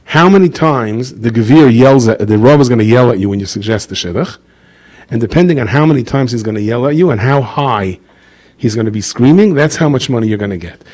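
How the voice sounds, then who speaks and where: Animated rabbi telling stories. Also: male voice. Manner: animated storyteller, acts out characters with big pitch jumps, Yiddish-inflected English. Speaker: rabbi giving a Torah talk. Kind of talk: storytelling Torah lecture.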